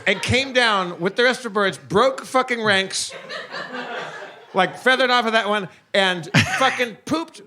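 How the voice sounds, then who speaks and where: A man co-hosting a comedy podcast, telling a story in a lively, laughing way with lots of stammered restarts. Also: high voice, unhurried, a crowd in the background. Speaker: podcast co-host.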